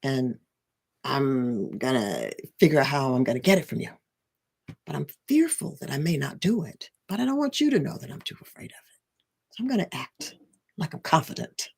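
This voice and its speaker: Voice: mid-range voice, sing-song, moderate pace, vocal fry, a little mellow, slightly rough, pitched below the performer's own voice, exaggerated voice. A life coach speaking as the fearful, self-centered ego of a newborn in a rambling inner monologue. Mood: scheming.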